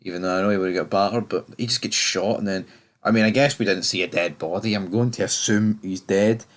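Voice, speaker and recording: A man's voice: low-pitched, steady tone, fast talker, a bit bright. Rambling man reviewing TV. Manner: rambling, stammering restarts, exasperated. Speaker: TV review channel host. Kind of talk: casual episode review.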